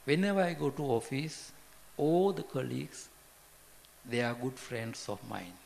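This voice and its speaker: Slow creaky man giving a talk. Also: mid-range voice, animated, darkish tone. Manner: halting, repetitive, asks the audience questions. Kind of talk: informal dharma talk. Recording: long hall reverb, faint background noise.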